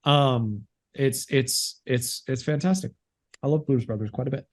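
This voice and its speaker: A young man co-hosting a podcast in easy casual chat. He stops and restarts often, filling gaps with ums, in a voice of ordinary pitch. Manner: halting, many fillers and repeated words. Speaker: podcast co-host.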